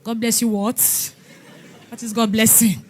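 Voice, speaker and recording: A woman pastor giving a lively testimony sermon in an animated storytelling manner. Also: fairly high pitch, a little slow, slight background noise. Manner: animated storytelling, laughing and exclaiming.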